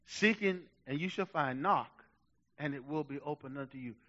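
A man preaching a sermon with passion, dropping to a hush and then rising to shouts, urging his listeners on. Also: fairly high pitch, moderate pace, muffled recording. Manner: impassioned preaching, swinging from hushed to shouting. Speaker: pastor.

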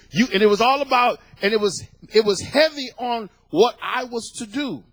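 A middle-aged pastor with a strikingly high voice preaches with rising fervor, repeating phrases and breaking into shouts. The sound is close and dry, with no room around it. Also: male voice, moderate pace, few pauses, no echo, rough recording. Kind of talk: sermon.

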